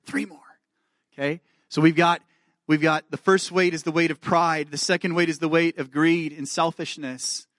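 A pastor with a fairly high, slightly bright voice delivers his sermon flatly at a moderate pace. He sincerely checks in with his audience, reads scripture with rising fervor, and jokes at his own expense, all in echo-free studio quality.

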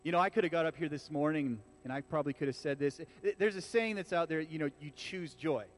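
A man with a high-pitched voice delivers a sermon in a relaxed, conversational way. He talks to the congregation like friends, with lively asides and frequent restarts. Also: fast, a little hiss or hum. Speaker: pastor. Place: church.

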